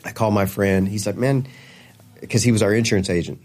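Man telling a lively story. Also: lowish voice, fast. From Kentucky. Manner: animated storyteller acting out quoted voices. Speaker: gospel singer guest. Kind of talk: storytelling interview.

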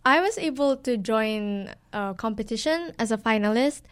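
A woman's voice: on the high side, expressive, normal speed, smooth. A young woman from the Philippines, an orchestra scholar speaking eagerly and enthusiastically in an interview. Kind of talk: interview conversation.

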